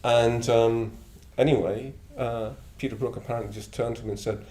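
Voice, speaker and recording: His voice is medium-pitched, steady and darkish, moving at normal speed. He's a Middlesbrough man in his seventies and a Buddhist order member, recounting anecdotes in a blunt, rambling, chuckling way, and the recording has an echoey room and faint ambience.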